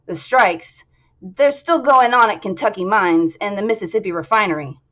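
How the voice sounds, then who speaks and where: A woman's voice: mid-range voice, normal speed, fairly bright tone, pitched above the performer's own voice, lightly acted. A woman voicing a tired middle-aged security chief reporting to his boss in a clipped, defensive way. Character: hard-pressed male security chief, ex-cop.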